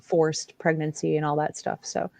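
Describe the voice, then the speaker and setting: A woman co-hosting a podcast, chatting casually and telling candid, animated stories. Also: deep voice, moderate pace, gravelly, no echo. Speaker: podcast co-host. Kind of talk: casual chat.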